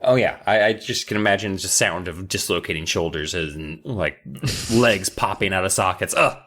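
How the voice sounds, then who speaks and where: A man co-hosting a podcast, casually recapping a book with profane jokes and quick put-on voices. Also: sits low, fairly bright tone. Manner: joking, profane, acts out voices. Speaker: podcast co-host.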